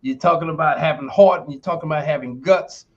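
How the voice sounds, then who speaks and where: An older man in his sixties tells stories as a podcast guest in a slightly high voice. He speaks emphatically and acts out the quoted lines of other people. The sound is dull and lo-fi, like a streamed call. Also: fast. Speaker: former football player and university sports instructor.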